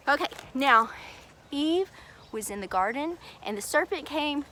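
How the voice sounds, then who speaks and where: A woman telling a Bible story to children at chapel in an animated, sing-song, exaggerated way. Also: high-pitched, a little slow, slight background noise.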